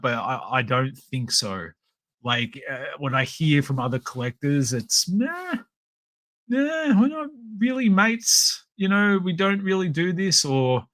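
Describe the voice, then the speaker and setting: An Australian man hosting a podcast, chatting casually on a live stream and telling stories in a rambling, animated way full of fillers. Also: medium pitch, no room sound. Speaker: podcast host.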